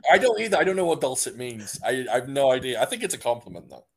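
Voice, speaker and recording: A man's voice: medium pitch, very animated, fast, slightly rough. A British man chatting casually as a podcast co-host, rambling with restarts and easy laughs. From Britain. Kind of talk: casual chat.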